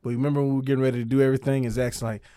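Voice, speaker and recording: A man's voice: medium pitch, level tone, rapid-fire, dark tone, smooth. A man co-hosting a podcast, chatting casually and teasing his friends. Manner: teasing, laughs easily. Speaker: podcast co-host. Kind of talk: casual chat.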